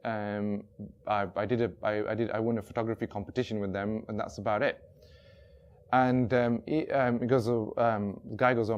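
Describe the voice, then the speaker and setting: A man telling a long story in a casual, spoken way, dropping his voice quieter when he quotes people. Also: mid-range voice. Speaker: workshop speaker.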